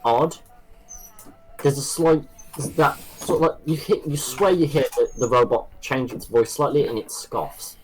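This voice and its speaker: A man's voice: mid-range voice, unhurried, a little mellow, low-quality recording. A man running a tabletop game as game master, describing scenes with hesitant restarts.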